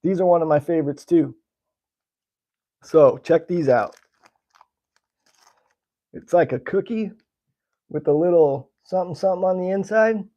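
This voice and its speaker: A man's voice: high-pitched, measured pace, long pauses, warm tone. Easygoing American man chatting on stream. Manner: chatty, easygoing, answers viewer comments. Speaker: slingshot channel host. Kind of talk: casual live-stream chat, tasting candy.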